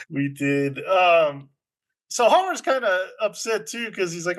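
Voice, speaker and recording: A man's voice: fairly high pitch, big pitch swings, takes it slowly, long pauses, fairly bright tone. A man casually retelling a movie plot on a podcast, rambling with frequent ums and small laughs. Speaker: podcast co-host. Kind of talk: casual movie recap chat.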